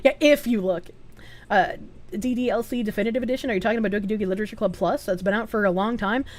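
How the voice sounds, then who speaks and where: A woman's voice: medium pitch, fast talker, a little mellow. A woman streamer chatting casually, answering viewer chat aloud and swearing freely.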